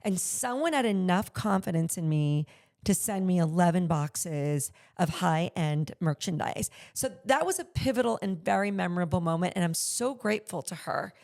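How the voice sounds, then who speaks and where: A middle-aged woman speaking with a gravelly, fry-edged voice that sits a little low. She tells her stories candidly and animatedly, slipping into the voices of the people she quotes, in a relaxed conversational interview. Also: moderate pace. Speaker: podcast guest, luxury consignment store owner.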